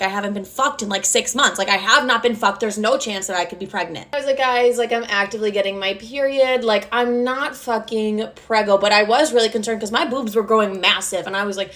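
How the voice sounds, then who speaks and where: A woman's voice: a little high, fairly bright tone. A young woman in her twenties telling a casual storytime vlog, brash and profane, filling her talk with "like". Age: 20s. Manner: brash, profane, chatty with lots of "like". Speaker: storytime creator.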